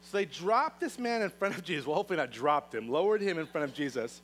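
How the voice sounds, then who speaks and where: A man preaching a sermon, telling a story in a lively way and acting out the characters' lines in voices. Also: a little high, quick pace, low-quality recording. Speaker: pastor.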